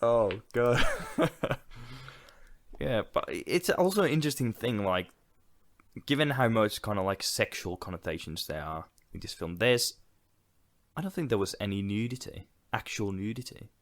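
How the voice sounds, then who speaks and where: A man's voice: lowish voice, expressive, normal speed. A man co-hosting a casual podcast conversation, speaking loosely with lots of fillers. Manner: loose and conversational, full of "like" and "yeah". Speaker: podcast co-host. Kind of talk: casual chat about a film.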